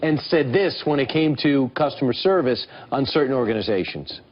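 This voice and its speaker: A man's voice: medium pitch, expressive, brisk, highs cut off. A man hosting a casual news chat, setting up clips and often restarting his sentences. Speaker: morning TV host.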